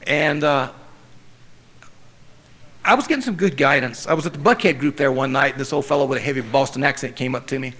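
A man's voice: mid-range voice, brisk, long pauses, a bit bright. Wry man telling his recovery story. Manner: wry, self-mocking storytelling. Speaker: speaker sharing his story at a recovery meeting. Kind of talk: personal recovery testimony.

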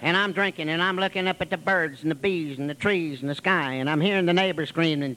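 A man's voice: a little high, fast talker, few pauses, pushed and bright, rough recording. A man speaking at a recovery meeting, telling his story in a folksy, wry way with long piled-up lists. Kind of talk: storytelling testimony.

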